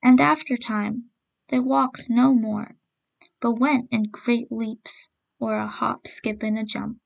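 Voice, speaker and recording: A woman narrating a folk tale as storyteller host, reading in a gentle, measured way. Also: fairly high pitch, fairly even intonation, creaky.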